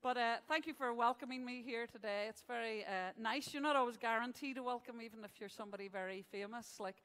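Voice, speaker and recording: Lady hosting an awards do on stage, jokey and chatty, a bit high voice. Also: fast talker, fairly bright tone, big-room sound. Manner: jokey, chatty, tells gags with punchlines. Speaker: awards event host. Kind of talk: live stand-up style hosting. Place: event venue stage.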